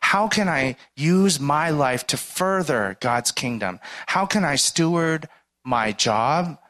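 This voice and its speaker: A man preaches in a relaxed, conversational style, his voice medium in pitch with a fairly bright tone. He tells everyday stories, often asks "right?", and acts out little dialogues.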